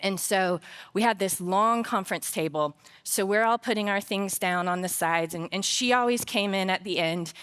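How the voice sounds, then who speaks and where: A woman with a medium-pitched, clean voice speaks at a normal speed from a conference stage. Her faith-based talk on work opens with lively, humorous personal stories, then turns earnest and reflective as she draws out the lesson.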